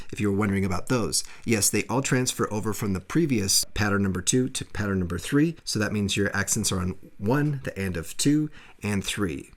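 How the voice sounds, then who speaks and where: Low-voiced man teaching guitar. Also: brisk. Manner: counts beats aloud while playing, encouraging. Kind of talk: step-by-step guitar lesson. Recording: loud guitar playing under the voice.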